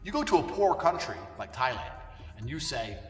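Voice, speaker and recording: A man's voice: medium pitch, very animated, normal speed. A man delivering a blunt, profane ranting monologue as an online commentator. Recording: echoey hall, voice far from mic, faint music.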